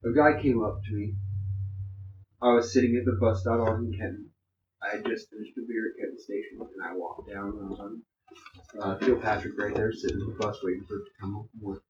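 A man's voice: lowish voice, level tone, a little fast, darkish tone. A man telling a story in a casual, rambling way, full of fillers and swearing. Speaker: podcast co-host. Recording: muffled, echoey room with faint hum.

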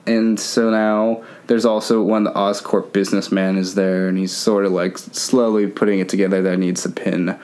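A man's voice: low-pitched, level tone, moderate pace, hardly any pauses, a little mellow. Chatty man with joking asides. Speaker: podcast co-host. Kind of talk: casual movie recap chat.

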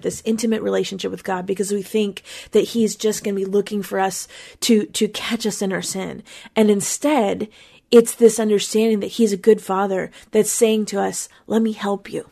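A woman's voice: medium pitch, gravelly, mellow. A woman hosting a Christian talk, giving an earnest, conversational reflection on a psalm, with small repeats as she thinks aloud. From Pennsylvania, USA. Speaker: Christian podcast host. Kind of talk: devotional Bible reflection.

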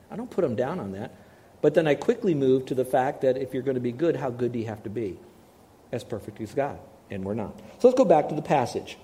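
Brief: male pastor, fairly high, relaxed warm tone, chatty story-driven sermon, questions to the room. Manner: conversational storytelling, asks the audience questions. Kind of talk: sermon with personal stories.

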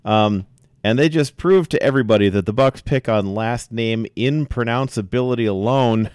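A man's voice: mid-range voice, normal speed, a little mellow, clean tone, no echo, clean studio sound. A man co-hosting a podcast, chatting casually about sports and laughing often. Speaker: podcast co-host.

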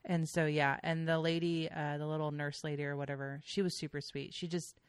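A young woman with a notably low voice tells long, chatty stories as a podcast guest. She rambles, filling her sentences with "like" and the odd swear word. The sound is dry and close, with no room around it. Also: flat delivery, brisk, smooth, no room sound. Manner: chatty storyteller with frequent fillers and swearing. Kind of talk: casual chat.

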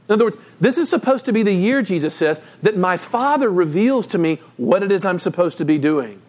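A man preaching a sermon as pastor, telling the story with emphatic, animated delivery. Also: fast, hardly any pauses. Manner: animated, emphatic storytelling with sudden pitch jumps.

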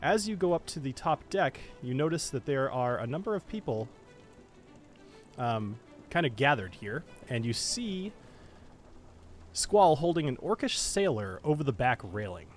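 A man's voice: medium pitch, sing-song, a little slow, faint music behind. A man narrating as game master, casual with frequent fillers and restarts.

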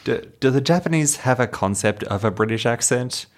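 A man's voice: medium pitch, animated, fairly quick. A man co-hosting an anime podcast, making dry, wry remarks in casual chat. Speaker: podcast co-host.

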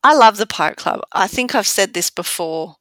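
Aussie woman host, bright voice, playful and chatty, dry close sound. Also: medium pitch, lively intonation, moderate pace, no room sound. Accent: Australian. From Australia. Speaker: podcast host. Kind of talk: casual podcast chat.

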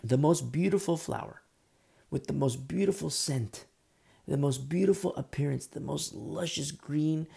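A man preaching a sermon in an earnest, conversational way, sometimes dropping his voice low. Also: a little slow, vocal fry, mellow, slightly rough. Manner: earnest, conversational preaching, drops to a whisper at times. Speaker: pastor.

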